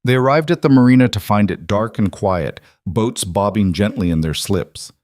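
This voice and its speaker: A man narrating a scripted thriller story in an even, dramatic way. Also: on the low side, normal speed.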